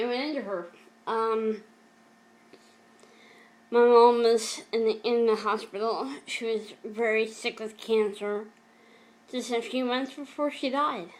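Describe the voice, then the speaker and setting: A middle-aged woman speaks to her viewers in a fairly high voice, telling a painful story from her past. She talks in an emotional, halting way, often stopping to restart or repeat a phrase. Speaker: vlogger. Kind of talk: personal storytelling vlog.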